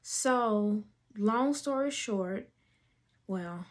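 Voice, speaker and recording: Slow-talking emotional woman podcast host. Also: mid-range voice. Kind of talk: casual storytelling chat.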